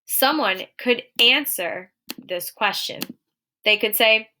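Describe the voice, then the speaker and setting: A young adult woman teaching a recorded lesson to young children, clear and encouraging, slowing down to read example sentences aloud. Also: mid-range voice, pushed and bright, slight background noise.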